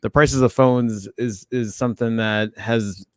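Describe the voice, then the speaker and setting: Guy cohosting a live tech show, deep sleepy morning voice, rambles and restarts a lot, dry sound. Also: steady tone, a little slow, no echo. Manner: rambling, frequent restarts and fillers. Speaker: co-host. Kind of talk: casual live tech chat.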